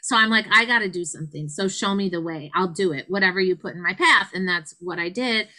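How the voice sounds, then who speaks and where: Animated, bright-voiced woman telling a story. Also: fast talker, rough recording. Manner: animated, acts out quotes with big pitch jumps. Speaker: guest. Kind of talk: conversational storytelling.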